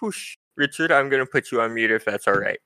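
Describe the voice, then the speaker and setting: A man narrating a tabletop game as game master, playful and quick to laugh. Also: mid-range voice, crowd noise. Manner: laughs often, playful and teasing.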